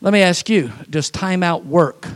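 A man preaching a sermon, telling folksy, humorous stories and laughing at them, swinging from animated to quiet and soft for emphasis. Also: sits high, a little slow. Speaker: pastor.

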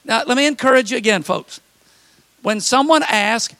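A pastor delivering a lively sermon, acting out the whiny voices of complaining people. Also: male voice, very high-pitched, fairly quick, creaky, no room sound. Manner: preaching with mimicked complaining voices.

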